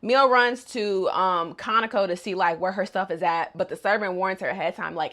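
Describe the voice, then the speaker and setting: Animated woman recapping a cartoon, slangy. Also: lowish voice, a little fast, few pauses. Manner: animated, slangy, laughs at the story. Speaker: video host. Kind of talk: casual anime episode recap.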